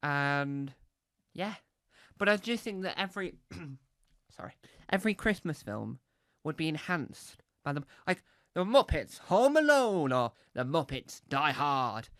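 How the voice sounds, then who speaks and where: A man's voice: a little high, very animated, unhurried, a bit bright, dry recording. Male comic, rambling and playful, voice swinging animatedly up and down, dry close sound. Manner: rambling, full of fillers and restarts, playful. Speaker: stand-up comedian. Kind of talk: rambling stand-up routine. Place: comedy club stage.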